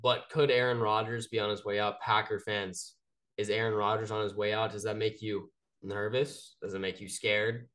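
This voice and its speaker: A man's voice: fairly low pitch, flat delivery, moderate pace, a bit bright. Laid-back young man telling a story. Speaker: podcast co-host. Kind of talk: casual sports chat.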